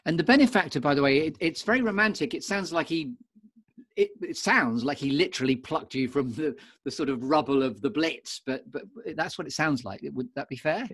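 A man's voice: on the high side, animated, brisk, a bit bright, husky. A man hosting a podcast interview, playful and encouraging, asking questions in a coaching-minded way. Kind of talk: interview conversation.

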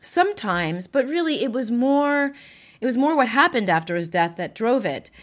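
A woman's voice: on the high side, big pitch swings, normal speed. A widow speaking candidly and emotionally about her life, laughing often and swearing now and then. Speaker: widow sharing her story. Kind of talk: candid personal talk.

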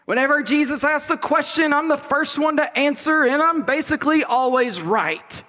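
A man's voice: very high voice, normal speed, sharp tone, in a large hall, voice pushed up. A man voicing a cocky disciple who eagerly brags that he is always right. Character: cocky male disciple bragging.

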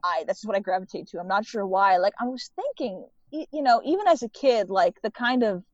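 A writer and filmmaker chats casually as a podcast guest, laughing often and using lots of "like" fillers. Her medium-pitched voice is brisk and darkish with lively intonation, and the audio is dry, dull and muffled.

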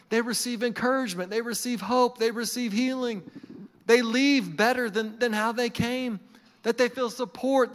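A man with a notably high voice preaches a casual, animated sermon, slipping into little acted-out quotes. The sound carries a long reverb, as from a church sanctuary. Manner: conversational and animated, acting out quotes. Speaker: pastor.

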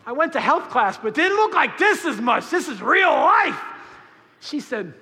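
A man preaching a sermon as pastor, conversational and full of slang, swinging between hushed and shouted emphasis. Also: very high voice, sing-song, normal speed, big-room sound.

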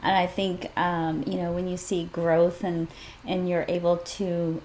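A woman's voice: fairly low pitch, flat delivery, measured pace, darkish tone, low-quality recording. A woman co-hosting a podcast, speaking in a reflective, supportive way in casual conversation. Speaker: podcast co-host.

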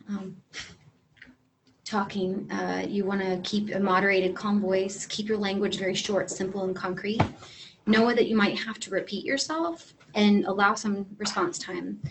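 A woman teaching a class in a relaxed, friendly way, with frequent pauses and filler words. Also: medium pitch, a little hiss or hum, poor audio. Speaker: instructor. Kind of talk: classroom lecture.

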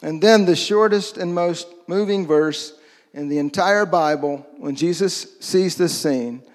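A man's voice: fairly high pitch, unhurried, long reverb tail, faint music behind. A man preaching a sermon in a conversational way, often asking his listeners questions. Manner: conversational, asks the audience questions.

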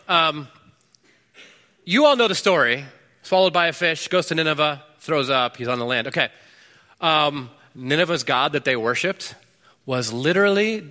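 Animated man preaching in a reverberant hall. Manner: animated, swings between loud bursts and low hushed stretches. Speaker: pastor. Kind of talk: sermon.

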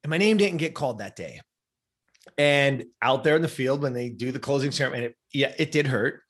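A middle-aged man shares a personal story as an interview guest. He speaks in an earnest, conversational way, checking in with the listener through frequent asides. His pitch sits in an ordinary middle range. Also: animated, a little fast, husky.

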